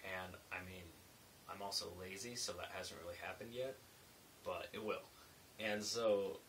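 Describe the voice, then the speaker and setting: A man's voice: lowish voice, fairly even intonation, moderate pace, fairly bright tone, far from the mic, poor audio. A man who works as a construction laborer, telling casual late-night work stories in a loose, rambling way with lots of fillers. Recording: faint hiss, mic set back.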